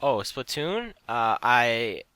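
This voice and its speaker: A man's voice: mid-range voice, big pitch swings, slow pace, pushed and bright, clean tone, no room sound. A young man co-hosting a casual gaming podcast, listing news in a hesitant way with many ums and a voice that trails off. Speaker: podcast co-host.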